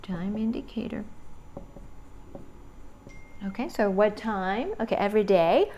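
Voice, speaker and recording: A woman teaching an English grammar lesson, explaining slowly step by step and checking in with "right?". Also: mid-range voice, expressive, mellow, a little hiss or hum. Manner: slow, deliberate explaining with frequent "right?" checks.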